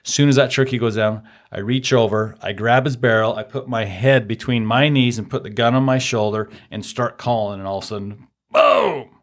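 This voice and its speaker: A man's voice: medium pitch, fairly even intonation, brisk, hardly any pauses. A man, a podcast guest and auto shop owner, telling hunting stories in a casual, enthusiastic and rambling way. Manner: outdoorsy hunting talk. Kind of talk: casual storytelling chat.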